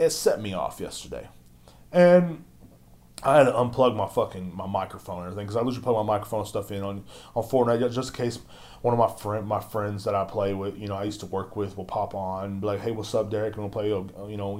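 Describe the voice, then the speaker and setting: Young guy, low voice, solo podcast rant, foul-mouthed and mocking. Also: darkish tone. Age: young adult. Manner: profane, ranting, mocks others in squeaky voices. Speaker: podcast host.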